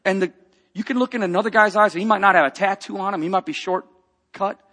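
Bright, animated man preaching a testimony. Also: high-pitched, fast. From grew up in a rough biker family. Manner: animated storyteller, acts out quotes, drops to a hush for tender moments. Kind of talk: testimony story in a sermon.

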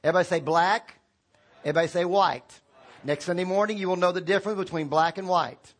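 Man pastor, high voice, casual sermon style, gets the congregation to call words back. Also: fairly even intonation, fast talker, a bit bright. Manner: informal, calls on congregation to repeat words. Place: church sanctuary.

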